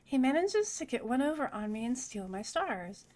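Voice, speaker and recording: A sleazy, rotund studio boss in a cyberpunk game, all high nasal wheeling and dealing in a rough mock New York accent. A woman puts him on while reading the game text. The voice stays fairly high. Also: very animated, moderate pace, darkish tone. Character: rotund male film-studio boss, oily and pushy. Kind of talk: reading game dialogue aloud.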